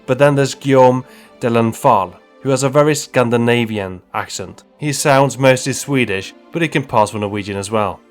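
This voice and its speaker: Brief: male YouTube narrator, humorous game recap, mid-pitched, wry asides. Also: moderate pace, soft background music.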